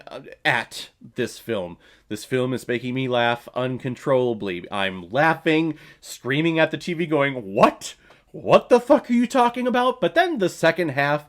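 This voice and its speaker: A man's voice: medium pitch, a bit bright. A man ranting casually in a movie review, exasperated and profane, with a mocking tone. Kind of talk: casual film review rant.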